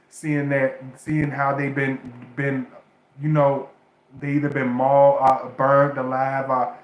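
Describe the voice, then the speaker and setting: A man livestreaming spiritual advice in a casual, emotional way, often restarting phrases and talking straight to his viewers. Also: medium pitch. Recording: echoey room sound.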